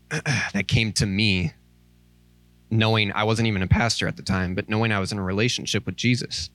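A man's voice: lowish voice, a bit bright, no echo. A man preaching an informal sermon in a church as associate minister. He talks candidly and conversationally, close to tears, often adding "like" and "um.". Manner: candid and conversational, with many "like" and "um" asides; earnest and pleading. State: tearful, close to crying. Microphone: microphone.

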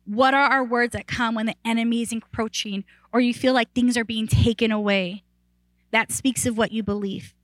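A woman pastor preaching a sermon in a conversational, animated way, often saying "like" and restarting sentences, and rising in pitch and volume when excited. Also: normal speed, no room sound, poor audio.

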